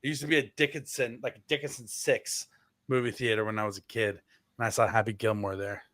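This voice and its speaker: Speaking a little fast, a male co-host of a casual sports podcast rambles, leans on fillers, and keeps restarting to fix what he said. His medium-pitched voice stays steady in tone and sounds a bit bright. The recording is dry and studio quality.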